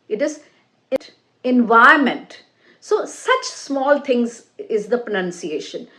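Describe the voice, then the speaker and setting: A woman who is a former IELTS examiner, giving an exam-prep lesson, explaining deliberately with fillers and restarts. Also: fairly high pitch, sharp tone. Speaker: English teacher and ex-IELTS examiner.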